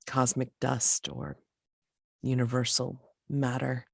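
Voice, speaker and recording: A game master describes the scene slowly and deliberately for the players. The voice is gravelly and the recording is dry and close. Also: medium pitch, no echo. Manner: slow descriptive narration. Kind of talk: narrating a tabletop game.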